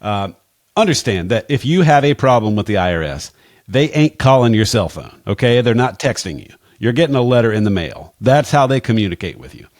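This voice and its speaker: A man's voice: mid-range voice, big pitch swings, fairly quick, a little mellow, no room sound, studio quality. A man giving casual financial advice on a podcast, plainspoken and wry, with frequent asides. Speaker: financial advisor, podcast guest expert.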